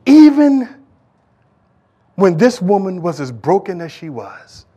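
High-pitched preacher guy giving a fired-up sermon in church, repeats himself a lot. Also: big pitch swings, takes it slowly, mellow, husky. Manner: impassioned, repetitive preaching cadence, talks to the congregation. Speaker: pastor.

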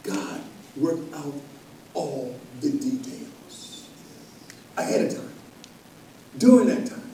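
A man preaching a sermon to a congregation, calling for responses and building to loud emphatic peaks. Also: a little high, huge pitch swings, slow, long pauses, a little hiss or hum. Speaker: pastor. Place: church sanctuary. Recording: echoey church from far off.

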